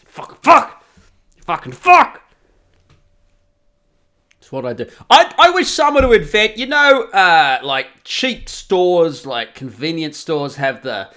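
A middle-aged man ranting profanely through a comic podcast monologue. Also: a little high. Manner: sweary, ranting, animated. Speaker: podcast host.

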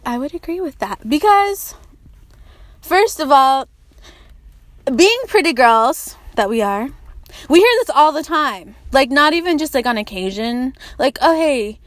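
A woman's voice: sits high, lively intonation, slow, long pauses, fairly bright tone, dry recording. A young woman hosting a casual podcast chat, blunt and profane, laughing often. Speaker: podcast host.

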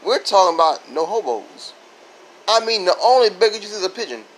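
A man's voice: high-pitched, sing-song, a little fast, poor audio. A man from Florida doing a rambling stand-up style comedy monologue, with sudden voice jumps and silly sound effects.

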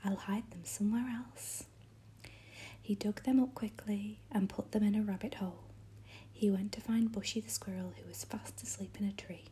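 A woman narrating a children's tale gently in whispered role-play. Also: mid-range voice, fairly even intonation, fairly quick, slightly rough. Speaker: storyteller.

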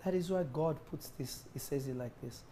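A man's voice: a little high, normal speed, mellow, slight background noise. A man preaching a sermon as a prophet. He speaks emphatically, repeats himself and asks the congregation questions. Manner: emphatic and repetitive, with call-and-response questions.

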